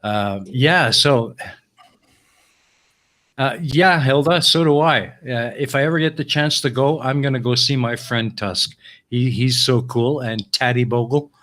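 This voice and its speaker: A man's voice: medium pitch, a little slow, a bit bright. Friendly male stream host. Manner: friendly, greets chat viewers by name. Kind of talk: casual live stream chat.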